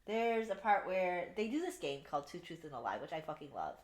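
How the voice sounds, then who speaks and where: A young woman with a fairly low voice co-hosts a casual book podcast, recapping scenes with lots of energy, loose swearing and bursts of laughter. The room around her sounds echoey. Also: brisk. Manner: animated retelling, frequent swearing, laughs at favorite parts. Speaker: podcast co-host. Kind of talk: casual book review chat.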